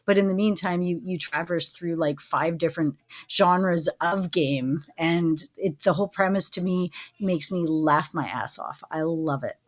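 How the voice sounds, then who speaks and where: A woman's voice: on the low side, a little slow. Laid-back woman podcast co-host. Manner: animated, laughs, mimics voices in anecdotes. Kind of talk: casual chat.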